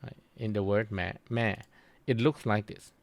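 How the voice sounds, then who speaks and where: A middle-aged man giving a university lecture, halting with many restarts and fillers. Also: fairly low pitch, creaky, no echo.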